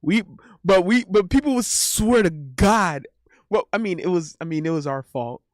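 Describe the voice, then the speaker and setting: A man's voice: high-pitched, expressive, moderate pace, no echo, clean studio sound. A young man telling a rambling, casual story as a streamer, with lots of restarts and laughter.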